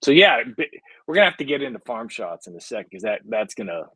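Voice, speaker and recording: A young man from Canada, a podcast guest telling stories in a rambling, animated way with many restarts. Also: mid-range voice, fast, husky, no room sound, rough recording. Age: young adult. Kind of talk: casual chat.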